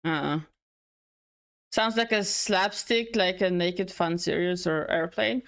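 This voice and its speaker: A woman's voice: on the low side, slow pace, creaky, a bit bright. A woman co-hosting a casual stream chat, making dry, teasing remarks.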